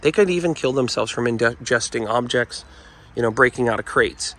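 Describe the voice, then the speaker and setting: A man's voice: medium pitch, moderate pace, a bit bright. A man who trains dogs, talking casually and earnestly to camera and often calling his viewers "folks" while explaining a point. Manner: earnest, repeats "folks" and "you know". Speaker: dog trainer. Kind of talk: casual instructional talk to camera. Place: indoors with dogs nearby.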